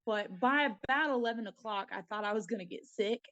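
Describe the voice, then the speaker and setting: A woman's voice: mid-range voice, brisk, fairly bright tone. Woman co-host chatting and giggling through her stories, kinda muffled audio. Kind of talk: casual chat.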